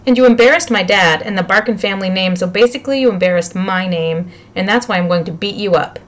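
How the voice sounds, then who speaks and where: A woman's voice: medium pitch, quick pace, natural voice. A woman voicing a boastful, threatening schoolboy bully who makes pompous threats.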